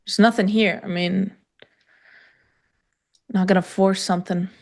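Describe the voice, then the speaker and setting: A woman's voice: medium pitch, steady tone, measured pace, vocal fry, a little mellow. Chatty woman co-host, loose and filler-heavy. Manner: loose, filler-heavy, talks to chat viewers. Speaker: trading stream co-host. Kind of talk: casual live-stream chat.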